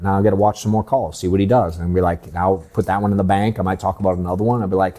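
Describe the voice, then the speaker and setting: A man's voice: deep voice, steady tone, very fast, few pauses, dark tone. Blunt, swearing male sales coach. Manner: blunt, candid, swears casually. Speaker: sales coach hosting a workshop. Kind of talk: casual workshop talk. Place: office workshop room.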